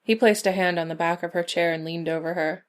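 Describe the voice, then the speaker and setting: A woman narrating a short story in a measured, even reading. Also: fairly low pitch. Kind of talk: scripted narration.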